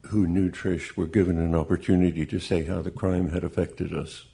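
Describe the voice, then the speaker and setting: A man with a very low, gravelly voice and a dark, husky tone tells his story. He speaks slowly, earnest and measured, like a grieving father giving testimony. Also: flat delivery. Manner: slow, measured, deeply earnest.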